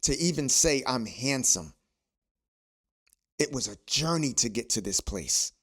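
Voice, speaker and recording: A man's voice: medium pitch, lively intonation, unhurried, a bit bright, husky. A man hosting a podcast, speaking in a preachy, motivational way and repeating phrases for emphasis. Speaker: podcast host.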